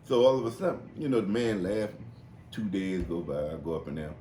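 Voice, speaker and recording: A man hosting a podcast, telling stories in an animated, profane, casual way and putting on high voices for the people in them. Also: a little fast. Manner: animated, profane storytelling with high-pitched impressions. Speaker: podcast host. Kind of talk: casual storytelling chat. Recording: roomy echo, faint noise.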